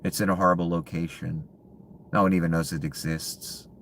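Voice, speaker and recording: A man in a bitter, profane ranting monologue, full of contempt and often sinking to low hushed muttering. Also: level tone, moderate pace, slight background noise.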